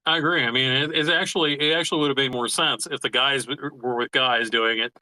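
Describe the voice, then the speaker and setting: A man's voice: medium pitch, fairly even intonation, fast talker, sharp tone, no room sound, rough recording. A man co-hosting a podcast, chatting casually and agreeably with chuckling banter. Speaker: podcast co-host. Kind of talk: casual chat. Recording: dry close sound.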